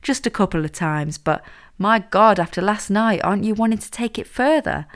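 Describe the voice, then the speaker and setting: A woman's voice: medium pitch, animated, moderate pace, voice pushed up, lightly acted. A woman voicing a confident, scheming young woman who pushes her friend around, in a read-aloud story. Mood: bossy. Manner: confident, pushy, teasing.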